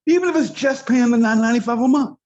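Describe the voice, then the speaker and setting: This network marketing trainer speaks fast in a very high, slightly mellow voice. His emphatic, motivational video-call talk keeps hammering home repeated key phrases, heard through dull lo-fi call audio.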